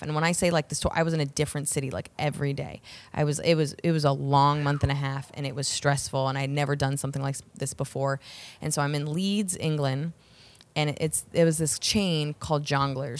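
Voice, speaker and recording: Animated low-voiced woman comedian. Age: middle-aged. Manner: animated, acts out quotes with jumps in pitch. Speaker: stand-up comedian, guest. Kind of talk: casual podcast chat, storytelling.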